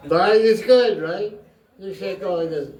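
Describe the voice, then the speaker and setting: Slow, playful man lecturing in an echoey room. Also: high voice, background noise. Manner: playful, joking, often laughing. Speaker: spiritual teacher. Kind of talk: scripture class talk. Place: room with an audience. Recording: roomy, mic far off.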